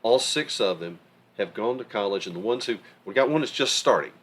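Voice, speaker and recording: A man's voice: lowish voice, fairly quick. A middle-aged man co-hosting a podcast, talking in a casual, emphatic way. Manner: animated, emphatic storytelling. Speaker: podcast co-host. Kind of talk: casual conversation.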